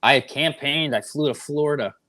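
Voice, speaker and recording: A man's voice: mid-range voice, moderate pace, sharp tone. A man appearing as a podcast guest, chatting casually with wry, self-deprecating humor. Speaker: comedian guest.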